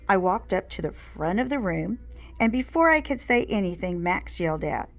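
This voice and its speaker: A woman reading a children's book aloud in a slow, expressive storytelling manner. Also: mid-range voice.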